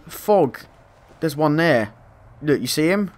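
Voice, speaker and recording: Excitable man commentating gameplay. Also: on the high side, slow. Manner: excitable, swears, panics and laughs at himself. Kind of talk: let's play commentary.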